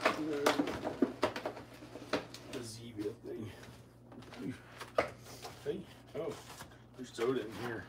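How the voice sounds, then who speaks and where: Man, mid-pitched, rambling home vlog; halting, repeats himself; noisy recording. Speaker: vlogger. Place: home kitchen.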